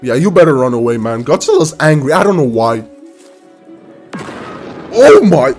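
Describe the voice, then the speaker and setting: A man hosting a reaction video, exclaiming and laughing often as he comments excitedly. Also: mid-range voice, fast, faint music behind.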